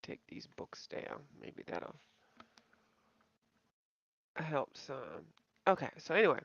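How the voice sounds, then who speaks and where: A coloring channel host chats with viewers on a casual live-stream, rambling, calling them y'all and poking fun at herself. Her low voice is gravelly, husky, sing-song and slow. The home recording is dry with no room sound and slightly dull.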